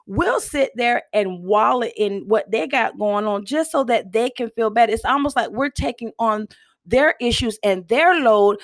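A woman gives a casual motivational talk. Her voice sits a little high, folksy and chatty. She keeps pausing to cough and clear her throat. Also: a bit bright. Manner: chatty, folksy, addresses listeners as y'all. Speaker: host.

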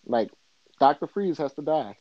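A man co-hosting a casual podcast chat, playfully indignant and quick to argue a point. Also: fairly high pitch, animated, dry recording, muffled recording. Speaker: podcast co-host.

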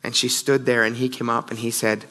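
Bright-voiced man preaching a sermon. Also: mid-range voice, level tone, a little fast. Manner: earnest storytelling, often says "you guys". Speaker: pastor.

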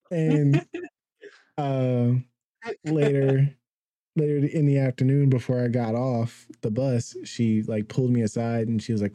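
A man's voice: medium pitch, little pitch movement, unhurried, warm tone, no echo. A young man and podcast co-host telling a rambling story in casual chat, laughing through it.

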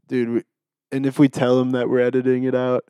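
A young man co-hosting a podcast, telling stories to friends in a lively way with plenty of swearing. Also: medium pitch, normal speed, clear, resonant tone, no echo. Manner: animated storytelling, swearing. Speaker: podcast co-host. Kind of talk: casual chat among friends.

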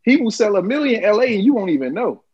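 A man's voice: quick pace, husky, dull audio. A man co-hosting a casual, profane chat, telling stories animatedly and putting on voices. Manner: animated storyteller, profane, acts out his younger self in a high voice.

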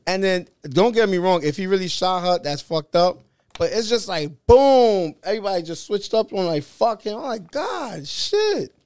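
Guy telling wild stories on a podcast, kinda high voice, curses a lot, acts out the quotes, dry mic. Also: brisk, clean tone, no echo. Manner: animated storyteller, swears freely, acts out quotes. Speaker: interview guest. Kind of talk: casual podcast chat.

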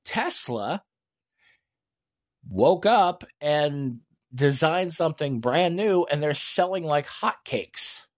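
This EV news vlogger speaks slowly with a fairly high pitch. His casual take on electric cars wanders and opinionates, packed with fillers, restarts and animated, emphatic outbursts.

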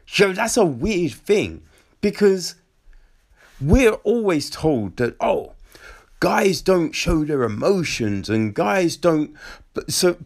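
A man giving a casual, exasperated spoken film review, full of fillers, rhetorical questions and mocking quotes. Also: a little high. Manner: animated, exasperated, many fillers and mock quotes.

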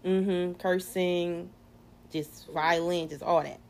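A woman's voice: fairly low pitch, steady tone, takes it slowly. A woman hosting a casual faith chat, talking in a chatty, playful way with many fillers. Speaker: podcast host.

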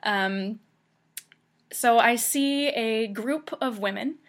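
A woman's voice: on the high side, very slow. A young woman hosting a podcast, telling a personal story in a casual, chatty way with frequent ums and restarts. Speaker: podcast host.

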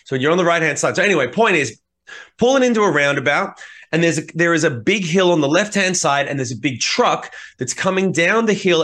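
A man on a podcast telling stories in casual chat, swearing freely and acting out what people said. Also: a little high. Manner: animated storyteller, swears freely, acts out quotes. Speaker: podcast co-host.

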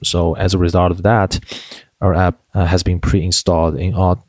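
An edtech company founder, a man appearing as a guest, answers interview questions in a chatty, story-driven way, full of fillers and restarts. His voice is low and a bit mellow, with a flat delivery at a moderate pace, and there's no echo.

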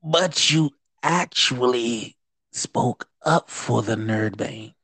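A man's voice: mid-range voice, slow, pushed and bright, breathy edge, no echo. A man co-hosting a casual podcast chat who talks in a blunt, teasing way. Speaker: podcast co-host.

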